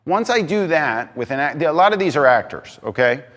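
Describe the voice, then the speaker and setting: Guy giving a pumped up stage talk, slightly higher voice, big echoey hall behind him. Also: brisk. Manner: excitable, emphatic, swings between loud bursts and quieter asides. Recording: reverberant hall.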